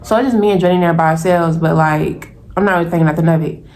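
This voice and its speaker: A young woman in her twenties telling a personal story to her viewers in a lively, casual way, calling them y'all. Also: on the low side, fast talker. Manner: animated, talks straight to viewers as y'all.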